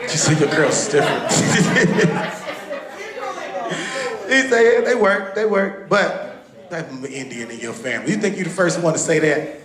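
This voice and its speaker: Male stand-up comic from Texas, high-pitched, animated and profane, live in an echoey club. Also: unhurried, pauses often, crowd noise. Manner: loud, animated, profane, acts out quotes. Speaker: stand-up comedian. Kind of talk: stand-up comedy set. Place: comedy club stage. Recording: roomy club recording.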